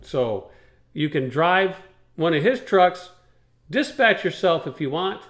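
A man with a somewhat high voice hosts a casual trucking talk show, rambling in a folksy, plain-spoken way. He explains things step by step, and the sound is roomy and echoey. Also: animated, takes it slowly, a bit bright.

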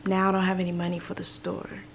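A woman's voice: on the low side, completely flat delivery, fast talker, creaky, slight background noise. A young woman from Los Angeles vlogging casually while sick and congested, rambling and emotional. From Los Angeles, United States. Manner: rambling, talks in reported thoughts. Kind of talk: casual vlog talk.

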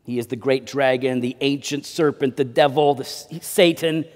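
A man preaching a sermon as pastor, with dynamic delivery that swings between loud emphasis and quiet low drops. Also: fairly even intonation, moderate pace, in a large hall. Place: church sanctuary.

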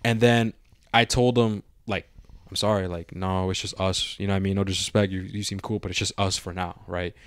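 Low-voiced young man, casual slangy storytelling. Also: flat delivery, brisk, smooth, no echo, studio quality. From Mexican-American. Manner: loose, rambling storytelling with heavy slang and swearing. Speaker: podcast co-host. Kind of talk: casual podcast chat.

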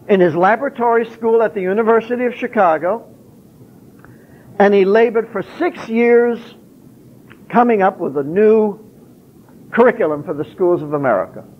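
A man's voice: high-pitched, lively intonation, moderate pace, pauses often. A man giving an emphatic public lecture, posing rhetorical questions and answering them himself. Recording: tinny lo-fi phone-like recording.

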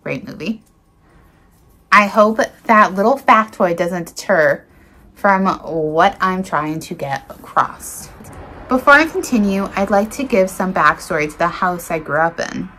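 A woman reads creepy encounter stories aloud with earnest, dramatic delivery. Her voice is bright and forward, sitting a little low. She stumbles now and then and restarts a word. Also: expressive, a little slow. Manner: earnest, dramatic reading with small slips. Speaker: storyteller reading encounters. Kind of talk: reading viewer stories aloud.

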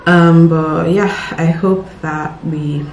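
Young female doctor vlogger, chatty and nervous, low-ish voice, echoey phone audio. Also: steady tone, slow pace, a little mellow, a little hiss or hum. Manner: chatty and nervous, repeats herself. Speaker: doctor vlogging exam prep. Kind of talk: casual vlog talk to camera.

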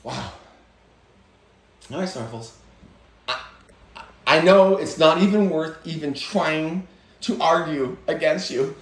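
A woman's voice: sits low, takes it slowly, pauses often, reverberant. A woman talking casually to her pet reptile as its keeper, in an exasperated, teasingly scolding way.

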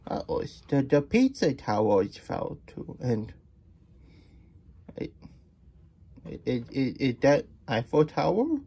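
Guy reading a bedtime picture book, chatty asides, mellow husky voice. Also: medium pitch, wildly swooping pitch, takes it slowly, pauses often. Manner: chatty, talks about himself in the third person. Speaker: children's story reader.

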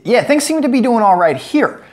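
A man's voice: very high voice, sing-song, normal speed, a little mellow. An American man giving a sarcastic, joke-filled commentary vlog as a political commentator. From United States. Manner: sarcastic, joking asides.

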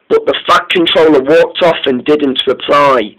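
Male storyteller, husky, somewhat high, trips over his words. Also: measured pace, fairly bright tone, rough recording. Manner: stumbling restarts. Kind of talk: improvised story narration.

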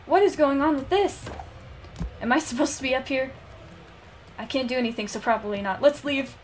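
A woman streamer giving casual let's-play commentary, excitable and chattering to herself as she plays. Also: high voice, fairly quick, soft background music. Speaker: game streamer.

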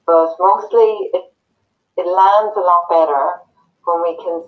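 A woman speaking as a guest on parenting, earnest and gentle, over a video call. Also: lowish voice, steady tone, takes it slowly. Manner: earnest, gentle, acts out soothing words to a child. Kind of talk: conversational interview. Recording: distant muffled mic.

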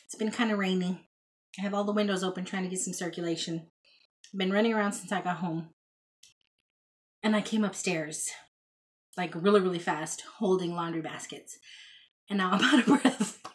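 A woman's voice: on the low side, moderate pace, pauses often. A woman chatting casually to camera about her thrift finds in a child's bedroom at home, rambling and folksy. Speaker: thrift haul vlogger.

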